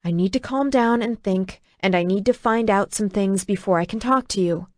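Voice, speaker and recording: A woman voicing a distraught, sharp-tongued young woman who snaps when upset. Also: mid-range voice, normal speed, no echo, clean studio sound, natural voice. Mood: pleading. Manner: upset, snapping.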